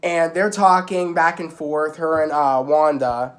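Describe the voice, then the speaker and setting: A man's voice: fairly high pitch, fairly even intonation, a little slow. A young man giving a casual spoken recap of a TV episode, rambling with many restarts and filler words. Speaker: video reviewer.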